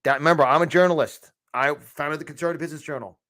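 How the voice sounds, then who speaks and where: A man's voice: fairly high pitch, fast, bright, forceful tone. A man hosting a political podcast, ranting angrily and mocking as he comments over clips. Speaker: podcast host.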